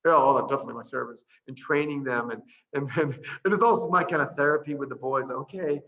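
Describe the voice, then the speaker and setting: A man who is a priest and orphanage director, chatting casually over a video call, animated and laughing often as he tells stories. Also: medium pitch, quick pace, gravelly, highs cut off. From Boston area. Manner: laughing often, animated storytelling with voiced asides.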